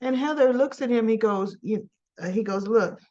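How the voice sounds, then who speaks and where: A woman's voice: a little high, moderate pace, darkish tone, dull audio. A woman casually recapping a soap opera episode, acting out the characters' lines as she retells each scene.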